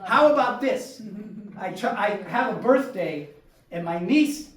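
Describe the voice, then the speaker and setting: A man performing a solo stand-up storytelling set on a small theater stage, animated and jumping to loud exclaimed punchlines. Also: sits high, slow pace, long pauses. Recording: roomy stage sound from far off.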